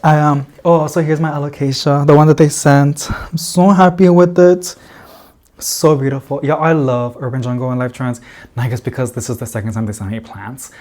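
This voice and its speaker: A man's voice: mid-range voice, fairly even intonation, fairly quick, a little mellow. A man chatting casually to camera as a plant vlogger in an indoor plant room, rambling with lots of fillers and little laughs.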